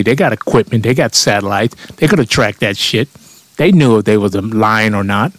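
A man's voice: mid-range voice, no room sound. A man delivering a blunt, profane comedic rant and mocking his critics.

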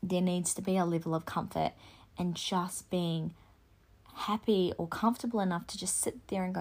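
A woman's voice: on the low side, steady tone, normal speed. A young woman hosting a solo podcast, talking bluntly and with swearing, and getting more and more worked up. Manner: impassioned, blunt and sweary, rising to near-shouting. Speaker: podcast host. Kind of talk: casual solo podcast monologue.

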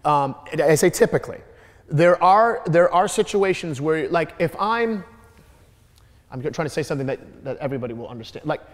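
A middle-aged Midwestern American man answers audience questions at a public Q&A. His voice sits a little on the higher side for a man, and he rambles, stammering and restarting his sentences often. The sound carries the long reverb of a large hall. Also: animated, moderate pace. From Detroit, Michigan.

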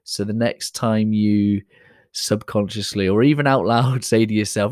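A man's voice: lowish voice, fairly even intonation, normal speed, darkish tone, no echo, studio quality. A man hosting a podcast, talking in a casual, chatty, motivational way, self-deprecating, with many fillers and restarts. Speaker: podcast host.

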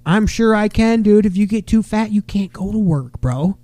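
High-voiced profane man rambling on a podcast. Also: animated, moderate pace, no echo. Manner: rambling, profane, loud bursts when quoting people. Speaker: podcast host. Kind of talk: crude comedic podcast banter.

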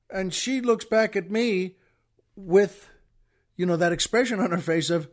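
A man hosting a show, telling a comic story in an animated way, stammering as he acts out the outbursts. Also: high-pitched, unhurried. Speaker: podcast host.

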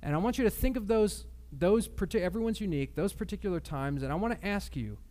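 A man's voice: high-pitched, animated, quick pace, darkish tone. A man in his thirties preaching a sermon in a conversational, emphatic way, telling personal stories. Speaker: pastor.

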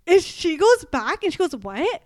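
A woman's voice: high-pitched, expressive, moderate pace, no echo, clean studio sound. A young woman chatting casually as a podcast co-host, telling a story with lots of fillers, swearing and laughter. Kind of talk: casual chat.

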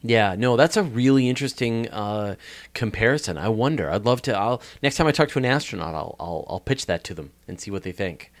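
A man's voice: on the low side, expressive, fairly quick. A man with a Canadian accent, an astronomy podcast host, answering interview questions in an enthusiastic, rambling way with many restarts.

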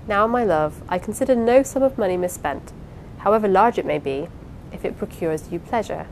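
A woman reading the part of a gentle blind husband in an audiobook, measured and tender. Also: medium pitch, animated, slight background noise, lightly acted, low-quality recording.

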